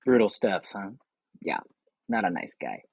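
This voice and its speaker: A young man hosting, giving casual and enthusiastic commentary on films, talking quickly and laughing often. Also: low voice, wildly swooping pitch, vocal fry, darkish tone, breathy edge, no room sound, low-quality recording. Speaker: podcast host.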